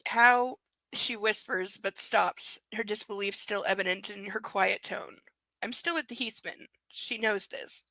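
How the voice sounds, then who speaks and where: A woman reads a novel aloud in a clear, bright voice. She keeps stopping for sarcastic, amused remarks about the characters. The sound is dry and close. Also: medium pitch, measured pace, no room sound, low-quality recording. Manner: sarcastic asides, laughing at the text. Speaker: reader. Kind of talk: live book reading with commentary.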